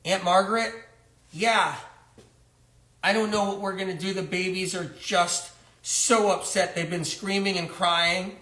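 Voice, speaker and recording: A man's voice: high-pitched, fairly even intonation, a little slow, bright, forceful tone. A man voicing a frantic new mother of newborn twins in a comedic phone sketch, tearful and indignant as she complains and pleads. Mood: worried. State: tearful, near crying. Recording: roomy echo.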